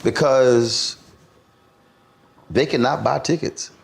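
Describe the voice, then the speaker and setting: A man hosts a conversational interview, animatedly telling stories and acting out what people said to him. His mid-range voice is slow and creaky.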